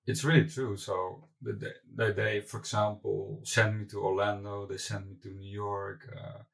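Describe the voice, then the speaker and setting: Candid low-voiced man, a bit off-mic. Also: flat delivery, moderate pace, vocal fry, fairly bright tone, recorded from a distance, low-quality recording. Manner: candid, loose, with many "like" asides and restarts. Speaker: company founder and CEO, guest. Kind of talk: conversational interview answers.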